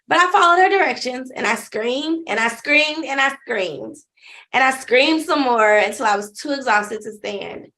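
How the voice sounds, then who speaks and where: Gravelly-voiced woman life coach. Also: a little high, a bit bright. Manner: earnest, personal storytelling; direct questions to the listener. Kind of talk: motivational talk. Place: seated.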